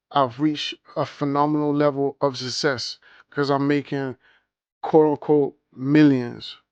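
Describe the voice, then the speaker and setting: A man's voice: on the high side, clean tone, dry recording. A man giving reaction commentary on a clip, talking in a scornful, mocking way.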